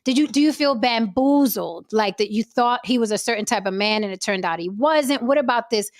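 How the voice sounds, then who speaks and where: A woman hosting casual podcast chat, her voice pitched a little high. The sound is dry and close. She pushes back with teasing questions. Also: fairly quick, dry recording. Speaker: podcast host.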